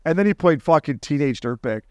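A man co-hosting a podcast in casual chat, telling stories excitedly and swearing freely. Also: fairly high pitch, a little fast, clear, resonant tone, no echo. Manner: excitable, profane, storytelling. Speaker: podcast co-host.

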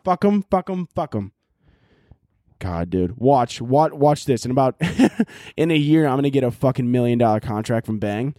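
Profane, animated young man ranting. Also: mid-range voice, moderate pace, no echo, studio quality. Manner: animated, profane, shouting at times. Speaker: podcast host. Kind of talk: casual solo podcast rant. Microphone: laptop audio recording.

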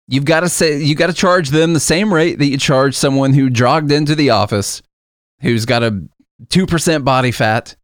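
A man's voice: mid-range voice, smooth, dry recording, studio quality. A man talking in a casual monologue, earnest and argumentative, and he repeats his points for emphasis.

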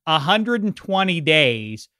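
A man with a bright, crisp voice hosts a casual sports chat. He is wry and a little rambling. The sound is dry and close. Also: a little high, sing-song, takes it slowly, no echo. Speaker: podcast host.

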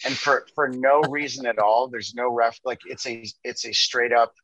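A man's voice: mid-range voice, fairly even intonation, moderate pace, a bit bright, dry recording, dull audio. A man, a film director, chatting loosely as a guest on a podcast, joking and restarting his sentences. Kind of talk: casual interview chat.

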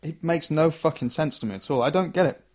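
A man's voice: fairly high pitch, fast talker. A man co-hosting a podcast in casual, blunt, sarcastic chat, swearing freely.

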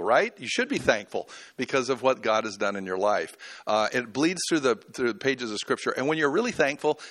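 A man preaching in an easy, conversational style, full of restarts and fillers. His voice is of middle pitch and sounds close and dry, with no room echo. He slips into the voices of people praying, to act out the passages he retells. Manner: animated, voicing prayers from scripture. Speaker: pastor. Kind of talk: sermon.

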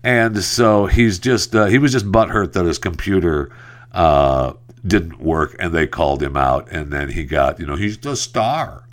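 A man's voice: low-pitched, measured pace. A male show host giving casual commentary and reading news headlines, chatty and given to laughing at his own stories.

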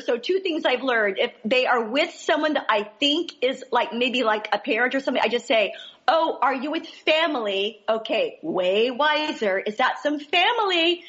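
A woman co-hosting a podcast, telling stories in an animated, laughing way. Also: high voice, moderate pace, lo-fi sound. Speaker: podcast co-host. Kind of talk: casual storytelling.

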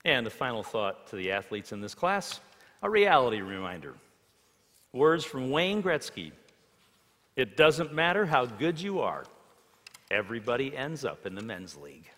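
A man delivers a sermon with a very lively, animated pitch that swings between loud emphasis and near-hushed delivery. His stories carry acted-out quotes. The voice rings with the long reverb of a large hall. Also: moderate pace. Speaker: preacher.

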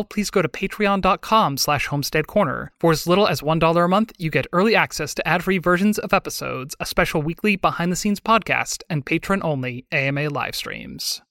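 A man reads a podcast's announcements in a clear, steady manner. His voice sits a little high for a man. The sound is dry and close, with no room in it. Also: dry recording. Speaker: podcast host reading announcements. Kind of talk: read announcements.

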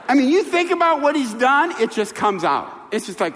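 A man preaching a sermon, telling stories with emphatic, animated delivery and rhetorical questions. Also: extremely high pitch, fast, few pauses, slight background noise. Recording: reverberant hall.

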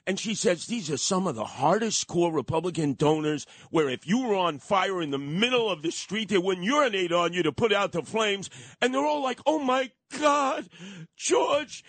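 An older man telling gossipy stories on talk radio, acting out the people he quotes with loud, high exclamations. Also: expressive, brisk, no room sound.

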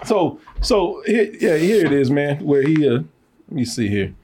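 A man in casual, profane chat about a movie, animated and laughing often. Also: on the high side, moderate pace, a little hiss or hum. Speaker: podcast co-host reviewing a film.

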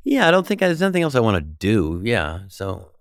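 A man's voice: brisk, smooth, dry recording, studio quality. A man in his fifties, a comedian guest telling stories in a casual interview, acting out quotes with big jumps in his voice. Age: 50s. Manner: animated, acts out quotes with jumps in pitch.

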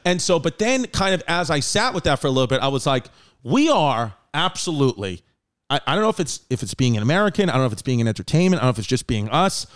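His pitch swings widely as this mid-range-voiced podcast host talks fast. A man in his thirties, he keeps the casual conversation loose, profane, and full of laughs while telling stories.

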